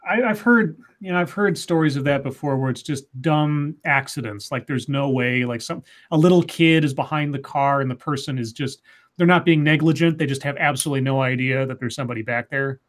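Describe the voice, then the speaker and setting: A man co-hosting a casual news livestream, animated and stumbling over his words. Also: medium pitch, a little fast. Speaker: co-host.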